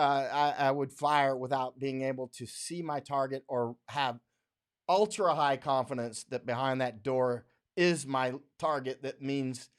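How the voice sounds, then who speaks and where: A man's voice: mid-range voice, smooth. An American man hosting a casual livestream, reading viewer comments aloud on a studio microphone, talking bluntly and rambling, with frequent laughs. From United States. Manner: rambling, blunt, laughs often, mocking voices when quoting others.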